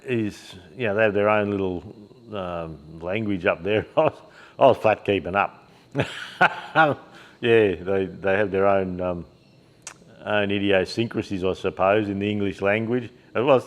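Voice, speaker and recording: Casual Australian bloke, middle-aged, shop owner rambling to camera in his shed; blokey, loose, plenty of fillers. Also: on the low side. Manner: rambling and blokey, with filler words, laughs and mild swearing. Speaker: shop owner and YouTube host. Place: workshop shed.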